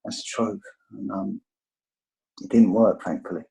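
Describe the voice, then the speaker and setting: A man's voice: on the low side, steady tone, a little slow, vocal fry, mellow, low-quality recording. Candid middle-aged Englishman on a video call. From England. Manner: rambling, heavy with fillers, candid. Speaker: guest sharing his recovery story. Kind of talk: casual storytelling.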